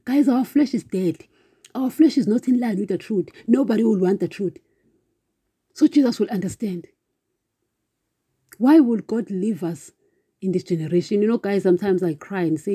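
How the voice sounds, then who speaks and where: A woman's voice: fairly high pitch, animated, normal speed, mellow, slightly rough, no echo. A woman giving an informal devotional talk for a podcast, preaching with passion, repeating herself and calling her listeners "guys". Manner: impassioned, repetitive, keeps calling listeners "guys".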